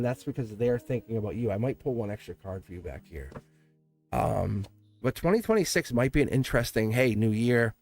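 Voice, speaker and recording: A man's voice: mid-range voice, gravelly, a little mellow. A man hosting a live-stream tarot reading, chatty and laughing often as he answers his live chat. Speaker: tarot reader.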